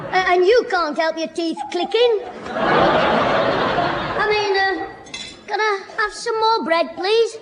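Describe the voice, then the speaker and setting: A man playing a cheeky, cocky young schoolboy in a 1960s radio comedy, full of quick backchat. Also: very high-pitched, crowd noise. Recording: hissy old radio broadcast with reverb.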